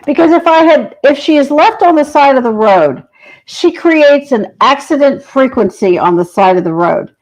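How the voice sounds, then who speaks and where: Earnest higher-voiced woman telling stories. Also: animated, a little mellow, low-quality recording. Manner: earnest, compassionate, unhurried. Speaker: shaman guest. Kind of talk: earnest podcast storytelling.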